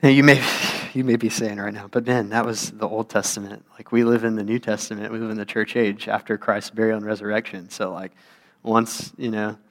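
A man's voice: fairly low pitch, little pitch movement, a little fast. A young man preaching a casual sermon, talking in a loose, conversational way and acting out complaining voices. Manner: conversational, acts out whiny voices, grows heated.

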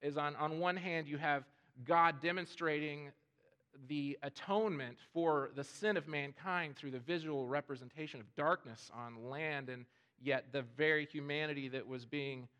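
Man preaching, earnest, slightly higher voice, restarts phrases. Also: measured pace, bright, forceful tone, clear, resonant tone. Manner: earnest, repeats words when starting phrases. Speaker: pastor. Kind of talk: sermon.

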